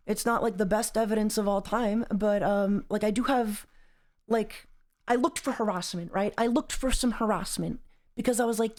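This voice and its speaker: A woman's voice: a little high, normal speed. A woman streamer reacting on a live stream, rambling and exasperated, repeating herself as she talks. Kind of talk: casual livestream commentary.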